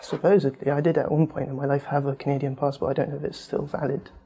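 Husky young man, quick and mellow. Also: fairly high pitch, level tone. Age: 20s. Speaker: interviewee. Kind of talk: recorded interview answers.

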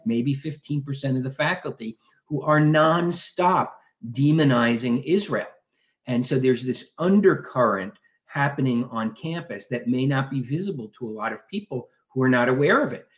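A man's voice: mid-range voice, moderate pace. Male interview guest, earnest and methodical, heard over a dull remote line. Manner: earnest, steady, builds arguments point by point. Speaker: guest commentator. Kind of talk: radio interview.

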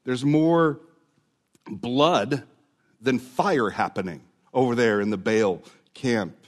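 A man's voice: mid-range voice, slow pace. A man preaching a sermon, earnest and building to emphatic repetition. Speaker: pastor.

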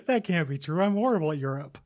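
A man's voice: fairly high pitch, lively intonation, quick pace. A man hosting a comedy podcast, joking, laughing often and slipping into improvised bits. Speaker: podcast host. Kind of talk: comedic casual chat.

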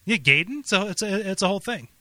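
A man co-hosting a chatty podcast, his pitch bouncing all over as he trips and restarts his sentences. His tone is bright and forward, and the sound is close and dry. He laughs easily between thoughts. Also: lively intonation, quick pace, no room sound. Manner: stammering, repeats words, laughs often. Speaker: podcast co-host. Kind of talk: casual chat.

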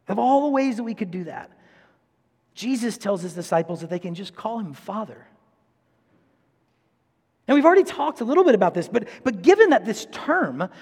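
A man in his forties, a priest, preaching a sermon in a chatty, animated storytelling manner. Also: sits high. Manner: chatty, animated storyteller, quotes people in voices. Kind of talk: sermon with personal stories. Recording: long hall reverb.

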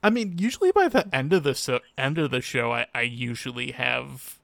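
A man co-hosting a casual podcast about a show, talking in a flat, sarcastic monotone. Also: mid-range voice, normal speed, gravelly, dry recording. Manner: deadpan, sarcastic. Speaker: podcast co-host. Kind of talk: casual chat recapping a show.

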